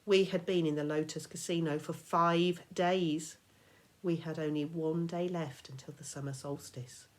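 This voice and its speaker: A woman teacher reading a children's novel aloud, expressive and dramatic, sometimes dropping to a whisper. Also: sits low, unhurried. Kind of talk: storybook read-aloud.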